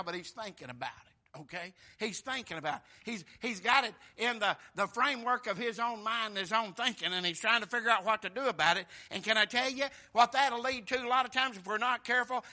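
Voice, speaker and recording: A man preaching a sermon to a church congregation. He is folksy and asks the room questions, and he moves from quiet asides to loud, drawn-out scripture reading. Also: high voice.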